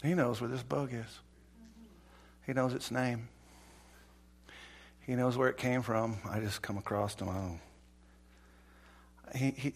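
Folksy storytelling preacher, bright voice. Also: male voice, mid-range voice, vocal fry. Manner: folksy, animated, acts out voices in stories. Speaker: pastor. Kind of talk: sermon storytelling.

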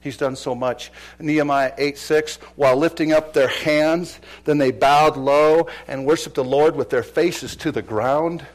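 A male pastor preaching a sermon with passion, swinging between loud exclamations and quiet, low drops. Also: fairly even intonation, a little slow, hardly any pauses.

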